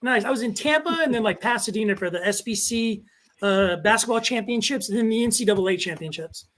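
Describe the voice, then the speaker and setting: A man's voice: high-pitched, brisk. A young man from Texas, a local TV sports reporter, chatting casually as a podcast guest, rambling through stories with lots of fillers. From El Paso, Texas. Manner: rambling, animated storytelling with many fillers.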